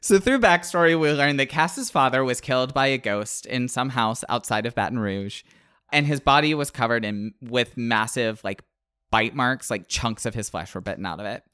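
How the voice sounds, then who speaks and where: A man's voice: medium pitch, normal speed, clear, resonant tone, no echo, studio quality. A man co-hosting a podcast, reviewing a book in casual chat, sarcastic and wired on caffeine. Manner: animated, sarcastic, swings between loud and muttered asides. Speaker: podcast co-host.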